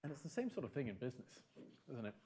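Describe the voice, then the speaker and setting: A man's voice: medium pitch, very fast, a little hiss or hum. Emphatic man giving a conference talk. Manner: animated, emphatic, repeats key phrases. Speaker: conference speaker.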